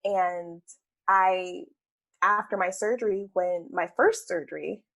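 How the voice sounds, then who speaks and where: A woman's voice: mid-range voice, slow, vocal fry, fairly bright tone, low-quality recording. A woman appearing as an interview guest, an entrepreneur telling her story in an open, earnest way. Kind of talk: conversational interview.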